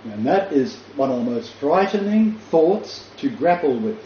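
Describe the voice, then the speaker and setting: A man's voice: mid-range voice, very animated, a little slow, mellow. An older man in ministry gives an emphatic, casual teaching talk, repeating key phrases and stumbling over fillers. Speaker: Christian ministry leader. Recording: roomy lo-fi recording with faint noise.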